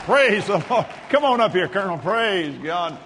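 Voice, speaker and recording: A man's voice: high-pitched, sing-song, normal speed, noisy background. An older man preaching to a congregation, fervent and exclamatory, calling out praises as he prays and talks. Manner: fervent, exclamatory, with frequent hallelujahs. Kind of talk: sermon. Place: large church hall with congregation. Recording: reverberant hall with crowd ambience.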